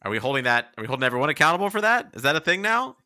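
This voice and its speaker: A man with a very bright voice and a lively, swinging pitch co-hosts a podcast. He rants with indignation in casual chat. The sound is dry. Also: rapid-fire, no echo. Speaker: podcast co-host.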